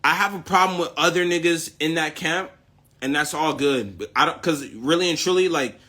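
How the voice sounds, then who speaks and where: A man's voice: a little high, normal speed, pushed and bright. A young man from the United States, a rapper, in a boastful, profane, confrontational ranting monologue.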